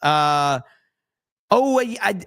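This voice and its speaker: A man leads a casual live stream, talking bluntly and cursing freely as he goes through viewer comments. His voice sits a little high for a man. The sound is dry and close, with no room around it. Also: expressive, drawn-out words, a bit bright, no room sound. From USA. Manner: blunt, profane, reads comments aloud.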